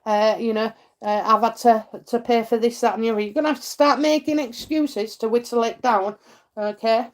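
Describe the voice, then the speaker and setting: A middle-aged woman with a Yorkshire accent, hosting a live psychic stream and chatting warmly with viewers between comments, full of fillers and endearments. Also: a little high, fairly even intonation, normal speed. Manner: chatty, many fillers, laughs, calls people darling and lovely. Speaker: psychic reading host.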